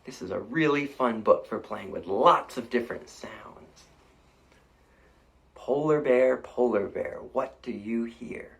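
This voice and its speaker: A man's voice: fairly low pitch, measured pace, creaky, hardly any pauses, a bit bright. A man reading a picture book aloud to children, playfully inviting them to make animal sounds along with him. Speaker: storytime reader.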